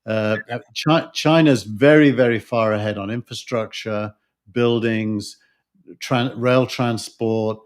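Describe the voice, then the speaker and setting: A man's voice: mid-range voice, steady tone, slow pace. A man with a Yorkshire accent, co-hosting a podcast discussion, talking thoughtfully with many fillers and restarts. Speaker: podcast co-host. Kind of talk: casual discussion.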